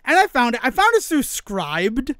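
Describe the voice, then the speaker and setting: A man co-hosting a podcast in casual chat, animated, laughing often and acting out quoted exchanges. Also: very high-pitched, normal speed, dry recording, studio quality. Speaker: podcast co-host.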